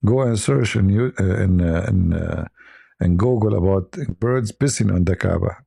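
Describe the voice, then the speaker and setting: A male live-stream host talks in loose, chatty fashion and often breaks into laughter at his own anecdotes. His voice is low-toned, mellow and gravelly, with a husky edge. The sound is dry and close, with no room echo. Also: normal speed. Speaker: livestream host. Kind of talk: casual live-stream chat.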